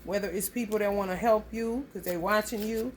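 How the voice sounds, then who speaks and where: A woman's voice: medium pitch, brisk, a little hiss or hum. A woman, giving a casual astrology reading in a blunt, profane, storytelling way. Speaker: astrology reader. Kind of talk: casual tarot reading monologue.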